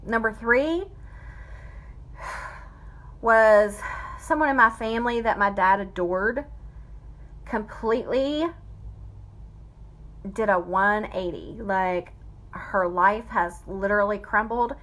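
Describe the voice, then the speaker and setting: A woman's voice: mid-range voice, slow pace, pauses often, fairly bright tone. A woman giving an emotional personal testimony, fighting back tears as she speaks. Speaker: vlogger telling a family story.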